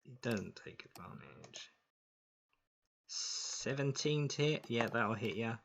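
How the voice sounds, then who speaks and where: A man narrating a tabletop game as game master, unhurried, with many fillers. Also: mid-range voice, animated, gravelly, a bit bright, a little hiss or hum.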